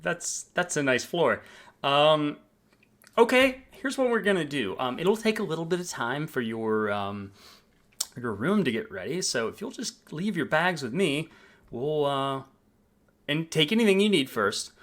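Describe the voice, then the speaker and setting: Bubbly desk clerk lady, high lively voice, a game master doing her. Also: a little slow. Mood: cheerful. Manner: bubbly, rambling. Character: chirpy helpful female hotel desk clerk.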